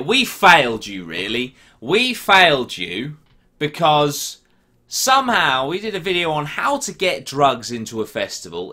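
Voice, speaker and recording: A man in his twenties with an English accent answers viewer questions in a casual chat, swearing freely and quickly getting worked up. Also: fairly low pitch, a bit bright. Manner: ranty, sweary, quick to get heated.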